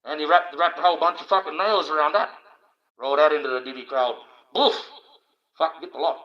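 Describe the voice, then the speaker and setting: A man's voice: a little high, fairly even intonation, quick pace. An Australian man ranting on a livestream, crude and profane, rambling with stumbling restarts. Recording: dull lo-fi stream audio.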